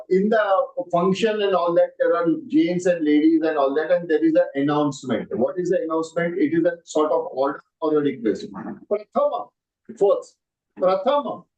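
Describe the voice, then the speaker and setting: A man's voice: fairly high pitch, darkish tone. A man with an Indian English accent teaching a language class online, explaining patiently, repeating words and checking that everyone understands. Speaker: Sanskrit teacher. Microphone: video call. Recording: muffled lo-fi online call audio.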